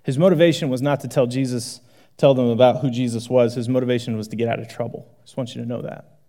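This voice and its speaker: A male pastor preaching a sermon in a conversational, animated way, moving between loud exclamations and hushed asides. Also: mid-range voice, fast.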